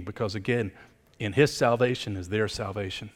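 A middle-aged man preaching a sermon as pastor, swinging from emphatic rises down to quiet, low appeals. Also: steady tone, brisk. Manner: emphatic preaching, building up and then dropping low. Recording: long hall reverb.

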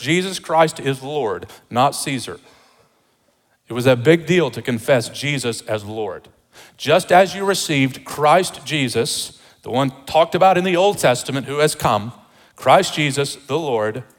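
Man preaching in an echoing hall. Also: on the high side. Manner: emphatic preaching with repeated rhetorical questions. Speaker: pastor. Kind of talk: sermon.

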